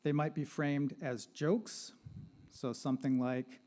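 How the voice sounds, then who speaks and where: A man's voice: on the high side, steady tone, takes it slowly, darkish tone. A man giving a lecture-style talk at a gallery panel, conversational, checking in with "right?" and asking the audience questions. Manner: asks the audience questions and invites participation. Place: art gallery panel event.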